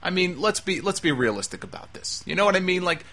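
A man's voice: sits high, sing-song, fast talker, sharp tone. A man hosting a talk show, delivering an emphatic, exasperated opinion monologue. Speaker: wrestling talk show host.

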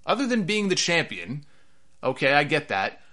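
A man giving opinionated solo commentary on wrestling, animated and sarcastic, repeating himself for emphasis. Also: normal speed. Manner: animated, rises in pitch when worked up.

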